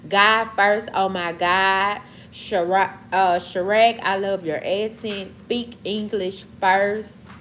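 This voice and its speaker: A woman's voice: mid-range voice, fairly even intonation, fairly bright tone, faint music behind. A woman from Mississippi with a Southern accent, casually chatting on a livestream and answering comments. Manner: slow, drawling, talks back to chat. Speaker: livestream host.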